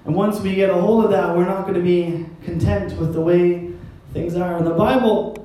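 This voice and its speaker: A man's voice: sits high, steady tone, normal speed, dark tone. A man preaching a sermon as pastor, in a conversational style with wry, self-deprecating asides. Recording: echoey hall, mic at a distance.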